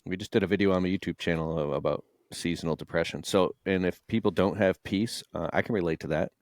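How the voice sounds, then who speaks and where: Deep-voiced man telling raw stories. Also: fast talker, darkish tone, no room sound, clean studio sound. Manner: raw, emotional, swears freely, mimics voices. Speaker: guest entrepreneur. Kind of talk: candid conversational storytelling.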